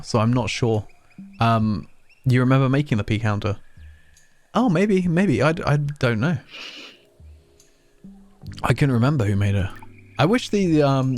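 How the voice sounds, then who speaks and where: A man streaming a video game, chatting casually and rambling with his co-host. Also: medium pitch. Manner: chatty, rambling, self-mocking. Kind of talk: casual let's play commentary.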